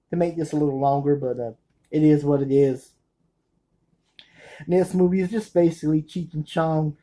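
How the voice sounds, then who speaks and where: Guy going over his movie shelf, kinda nervous, keeps fixing what he just said, soft dark-ish tone. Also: a little high, low-quality recording. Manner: nervous, rambling, often correcting himself. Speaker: movie collector reviewing his films. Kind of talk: casual spoken review.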